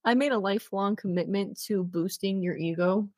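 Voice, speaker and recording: A woman's voice: mid-range voice, normal speed, darkish tone, no room sound, studio quality. A woman co-hosting a podcast in casual chat, teasing and giggling. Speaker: podcast co-host.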